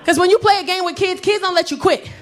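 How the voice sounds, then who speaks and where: A woman in her forties doing profane stand-up comedy, telling animated stories with loud shouted bursts. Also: very high-pitched, fast, a faint crowd. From Belizean and Nigerian heritage. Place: comedy stage with live audience.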